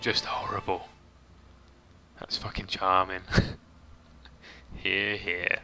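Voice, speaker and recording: A man's voice: low-pitched, monotone, a little slow, creaky, pauses often, sharp tone. A man chatting casually as he streams a game, reading chat and swearing lightly, with faint game music behind. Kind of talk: casual gameplay commentary.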